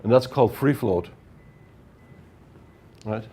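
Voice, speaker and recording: A man's voice: medium pitch, takes it slowly, warm tone, husky. A man giving a workshop lecture on project management, explaining step by step and often checking with "right?". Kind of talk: technical lecture at whiteboard.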